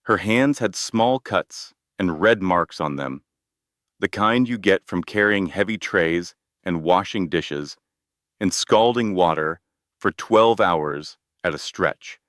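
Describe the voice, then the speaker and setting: A man narrating a scripted dramatic story in a measured storytelling manner. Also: sits low, expressive, fairly bright tone, no echo, studio quality.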